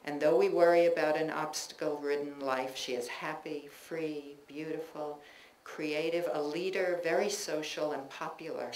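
At a public bookstore reading, a woman shares personal essays she wrote, her low, darkish voice keeping a fairly even intonation. She reads thoughtfully and deliberately, chatting loosely between pieces, while the room adds echo and a faint hum lingers in the background.

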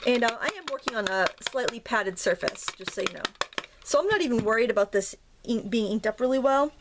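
A woman's voice: fairly high pitch, fairly quick, background noise. A woman hosting a craft tutorial, chatting casually as she works, rambling with fillers and self-corrections. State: slightly out of breath from pressing stamps.

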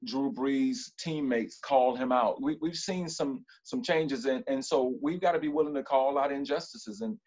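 A man of middle pitch speaks emphatically over muffled, dull call audio. He repeats his slogans in a rolling, preacher-like cadence. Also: darkish tone. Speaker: panelist. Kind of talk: panel discussion.

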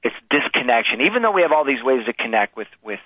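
A man calls in as a guest, talking earnestly and poking fun at himself, with many restarts. His voice is mid-pitched. It comes through a dry, tinny phone line. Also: big pitch swings, fast, dry recording. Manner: earnest, self-deprecating, rambling with many restarts. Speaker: guest author. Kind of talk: casual interview chat. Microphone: telephone.

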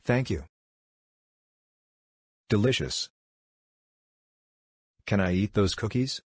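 Casting: man voicing young male hero, very low husky read. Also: animated, takes it slowly, no echo, studio quality, heavily acted. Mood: casual.

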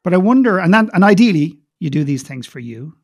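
A man who is a guest speaker and coach, telling a story in conversation in an animated way and repeating words when wound up. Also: high-pitched, brisk, dry recording, clean studio sound.

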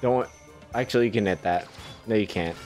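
A man's voice: lowish voice, brisk, a little mellow, faint music behind. A man commentating a video game playthrough in casual banter, swearing freely, giving orders and laughing a lot. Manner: profane, bossy, laughs a lot. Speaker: gameplay commentator. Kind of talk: casual let's-play banter.

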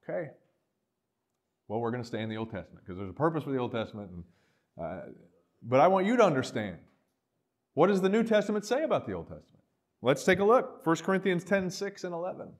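Male pastor, middle-aged, high tenor, lively sermon delivery with acted-out dialogue. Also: fast talker. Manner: animated preaching, acting out quoted voices, dropping to quiet asides.

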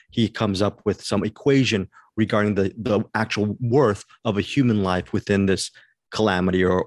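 A man's voice: fairly low pitch, dry recording, studio quality. A man hosting a podcast, chatting casually and eagerly about a new movie, often restarting his sentences. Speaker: podcast host. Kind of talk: casual movie review chat.

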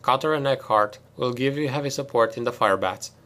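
A hard, commanding female marine lieutenant barks clipped, sardonic orders at her squad, as a man reading a sci-fi audiobook puts her on. She speaks louder and a touch higher than the reader's own voice, with a cold bite under the authority. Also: brisk, close to an everyday voice.

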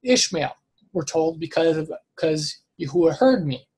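A man giving a casual, unscripted scripture lesson, thinking aloud, stopping to correct himself and filling pauses with "um" and "like". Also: fairly high pitch, expressive, a little mellow, breathy edge, poor audio. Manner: hesitant, self-correcting, thinks aloud with many fillers. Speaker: Bible study teacher.

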